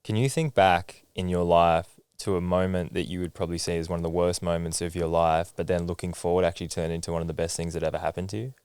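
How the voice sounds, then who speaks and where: A male podcast host asks long, winding questions in a very deep, flat voice. He talks quickly and smoothly into a close mic. The room is dry, with no echo. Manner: brief agreeing replies, long winding questions. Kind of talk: interview questions.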